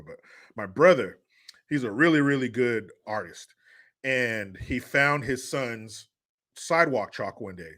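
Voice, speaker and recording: A male live-stream host talking casually and rambling from topic to topic, swearing freely. His voice moves up and down a lot and has a bright edge. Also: medium pitch. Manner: profane, rambling, joking. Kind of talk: casual live-stream talk, reading chat.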